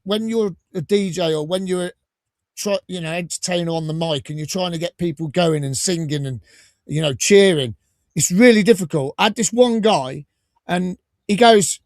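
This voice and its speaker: A man with an English Midlands accent hosting a casual fan podcast, chatting and telling stories in a lively way. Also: high-pitched, normal speed, dry recording, clean studio sound. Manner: chatty storyteller, lively and animated. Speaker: podcast host. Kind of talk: casual chat.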